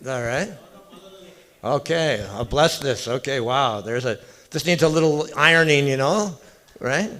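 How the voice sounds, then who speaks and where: A man's voice: medium pitch, measured pace, pushed and bright. A man giving an informal devotional talk in a temple hall, chatting with and questioning his listeners directly. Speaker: visiting temple speaker.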